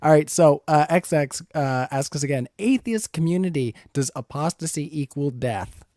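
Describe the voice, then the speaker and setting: Mellow, dry-voiced stream moderator. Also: male voice, fairly high pitch, moderate pace, no room sound. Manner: laughs easily, reads questions aloud. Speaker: moderator reading viewer questions. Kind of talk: livestream moderation.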